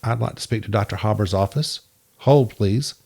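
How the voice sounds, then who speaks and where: A man with a low, gravelly voice tells his story to a podcast host in relaxed conversation. He slips into the voices of the people he quotes and acts out both sides of the exchange. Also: quick pace. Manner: lively storyteller who acts out quoted dialogue. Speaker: podcast guest. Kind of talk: casual storytelling interview.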